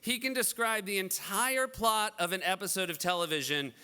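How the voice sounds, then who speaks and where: A man in his forties hosting a benefit event, telling dry, self-deprecating stories in an animated stand-up style. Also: sits high, normal speed, smooth, faint music behind. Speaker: event host. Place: large event hall.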